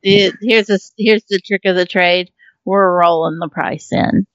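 A man's voice: high-pitched, fairly even intonation, measured pace, a bit bright, clear, resonant tone, no echo, lo-fi sound. A man co-hosting a podcast, talking casually and self-deprecatingly about his online shop. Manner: laid-back, self-deprecating, profane. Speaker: podcast co-host and shop owner. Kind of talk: casual chat.

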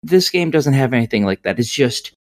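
A woman's voice: very deep voice, expressive, a little fast, a little mellow. A woman co-hosting a podcast, reviewing a video game in casual chat with a rambling, profane, sardonic way of talking.

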